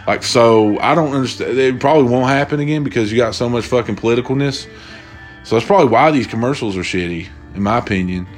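In a mid-range voice and a little fast, a young podcast host rambles through his casual solo show with faint music behind him. His storytelling is loose and profane as he swears freely while retelling stories.

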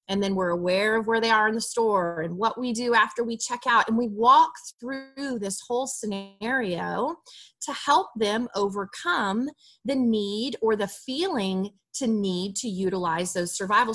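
Female therapist guest, bright and clear, expressive and warm-hearted explainer on a podcast. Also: mid-range voice, unhurried. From Alabama, USA. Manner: expressive, acts out parent dialogue in a soft voice. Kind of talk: podcast interview, advice.

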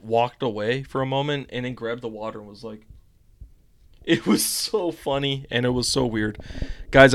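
A man's voice: medium pitch, no room sound. A young man from the United States hosts a political commentary stream in a casual, rambling way. He reads headlines and drifts into chatty asides. His mid-range voice sounds close and dry, with no room around it.

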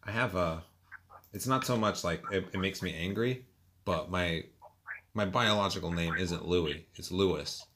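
A man co-hosting a casual podcast chat, cracking jokes in quick banter. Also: low voice, fairly bright tone. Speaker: podcast co-host. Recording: noisy background hiss.

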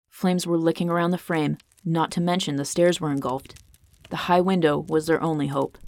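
A woman's voice: lowish voice, darkish tone, slight background noise. A woman narrating a fantasy story podcast in a dramatic, tense storytelling manner. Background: faint guitar music.

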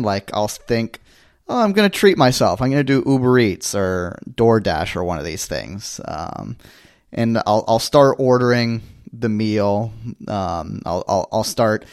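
A man's voice: mid-range voice, no echo, studio quality. A young man in casual conversation, talking with many ums and restarts. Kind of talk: casual chat.

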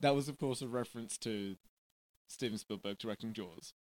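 A man's voice: medium pitch, fairly quick, a crowd in the background. A man co-hosting a comedy podcast, improvising as a bossy film director and laughing often. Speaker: podcast co-host.

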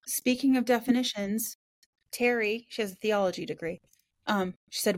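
A woman's voice: medium pitch, normal speed. Chatty New woman hosting a podcast. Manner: chatty, frank, swears and laughs easily. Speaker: podcast host. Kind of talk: casual podcast chat.

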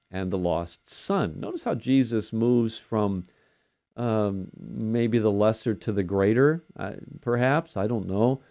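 Older male devotional host, warm low voice, chatty pace with plenty of fillers. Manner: unhurried, conversational, with frequent fillers. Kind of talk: daily devotional sermon.

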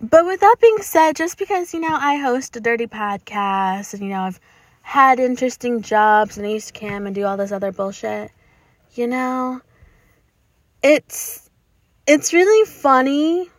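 A young woman records a solo podcast episode from inside her car. Her voice sits a little high, and she talks bluntly, swears freely and laughs often. The sound is dry and close, with no room echo. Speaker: podcast host.

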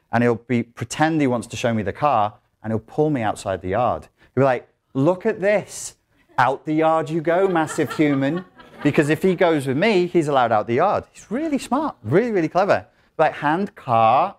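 A man giving a live talk in a lecture room, animated, acting out quotes in other voices. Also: medium pitch. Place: lecture room in an academic institution.

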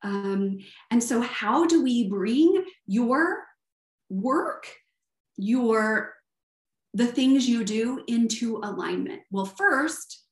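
A middle-aged woman with a Southern US accent speaks in a high, bright-pitched voice at an unhurried, deliberate pace. She coaches earnestly, posing rhetorical questions. The room around her rings with echo. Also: animated. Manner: earnest, asks rhetorical questions, tags "right?". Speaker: life coach. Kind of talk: motivational talk. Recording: echoey room.

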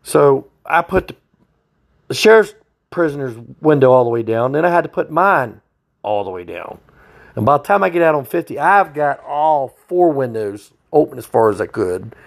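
Gravelly trooper telling a story. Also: male voice, a little high, very animated, moderate pace. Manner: blunt, profane, folksy. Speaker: state trooper. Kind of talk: casual storytelling.

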